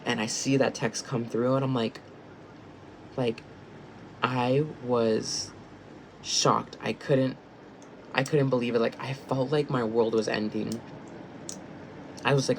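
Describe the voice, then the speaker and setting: A man's voice: mid-range voice, steady tone, measured pace, creaky, pauses often, a little hiss or hum, low-quality recording. A young man telling a personal story vlog-style, rambling with lots of fillers and restarts. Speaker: vlogger. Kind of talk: casual storytime.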